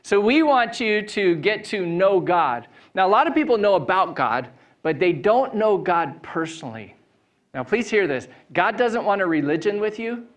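A man's voice: high-pitched, very animated, normal speed, lo-fi sound. A man preaching an Easter sermon as a pastor, chatty and upbeat, telling a personal story with laughter on stage before a congregation.

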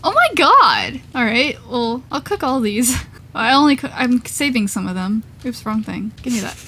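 High-voiced giggly woman gamer. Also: moderate pace, a little hiss or hum. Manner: giggly, easily startled, thinks aloud. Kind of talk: casual let's-play chat.

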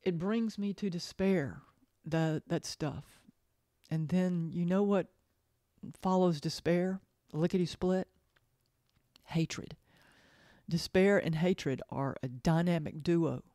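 A woman's voice: low voice, warm tone, no room sound, clean studio sound. A woman talking in a casual monologue, earnest and emotional, often repeating herself and restarting her sentences. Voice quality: halting, repeats phrases, trails off and restarts. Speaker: podcast host.

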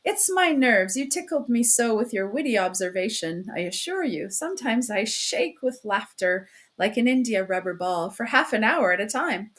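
A rambling, excitable middle-aged investigator, fussy and fawning , as a woman reads him in an audiobook. The voice sits fairly high and pushes up even higher and louder in bursts. He talks on and on without pause. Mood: flustered.

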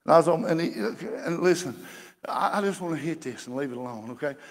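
A man preaching a sermon as pastor, folksy and building to shouts. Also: on the high side, expressive, fairly quick, in a large hall. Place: church sanctuary.

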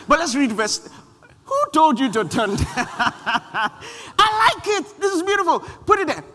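High-pitched animated preacher. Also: male voice, measured pace. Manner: animated, shouting refrains, acts out quoted voices. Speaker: pastor. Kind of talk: sermon. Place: large church hall. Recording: long hall reverb.

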